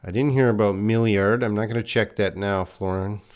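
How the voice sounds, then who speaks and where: This male English teacher has a lowish, darkish voice with fairly even intonation and a moderate pace. He drills vocabulary for learners to echo back and talks with his stream's audience, reading their chat messages out loud.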